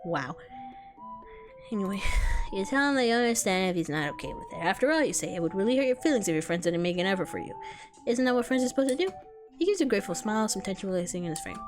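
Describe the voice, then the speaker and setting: A young woman streamer reading a visual novel aloud with quick, profane, self-deprecating banter. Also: medium pitch, very animated, music in the background.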